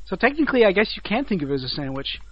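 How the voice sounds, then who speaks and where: High-voiced young man, dull lo-fi mic. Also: sing-song, racing. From United States. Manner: laid-back, joking, laughs often. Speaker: podcast co-host. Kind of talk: casual chat.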